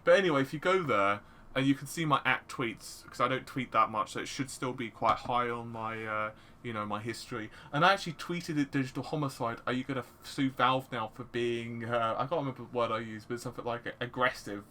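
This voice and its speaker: Excitable bright-voiced man. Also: mid-range voice, a little fast, slight background noise. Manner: excitable, jumps in with jokes. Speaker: podcast co-host. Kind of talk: casual tech podcast chat.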